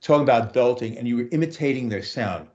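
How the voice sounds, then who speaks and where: A man who teaches voice, talking through lessons and telling anecdotes in a relaxed interview. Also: mid-range voice, fast talker, lo-fi sound. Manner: storytelling, acts out quotes, restarts often.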